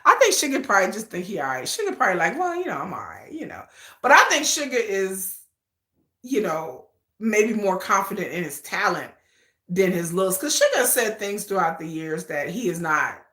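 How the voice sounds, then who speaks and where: A woman's voice: medium pitch, moderate pace, echoey room. A woman hosting a casual livestream, chatting and laughing often as she talks to her viewers. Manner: chatty, animated, laughs often, addresses chat as y'all. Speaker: livestream host.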